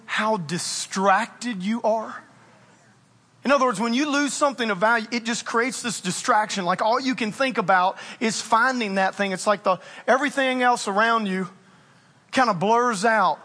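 A high, bright male voice preaching in his forties, with a slightly breathy edge. He tells jokes at his own expense and swings between lively storytelling and quiet stress. The sound rings with the long reverb of a large church hall. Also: normal speed. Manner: animated, self-mocking storytelling. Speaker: pastor. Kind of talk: sermon.

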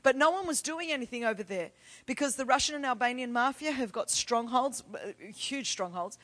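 High-voiced, emphatic woman preacher. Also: a little fast. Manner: emphatic, building to forceful declarations; animated and expressive in storytelling. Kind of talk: storytelling sermon.

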